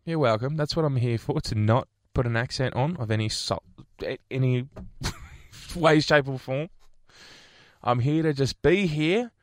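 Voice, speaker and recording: A man's voice: mid-range voice, a little slow, no room sound, studio quality. A man co-hosting a morning radio show, joking and teasing in casual banter with frequent laughs. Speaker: radio host. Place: radio studio. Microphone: studio microphone.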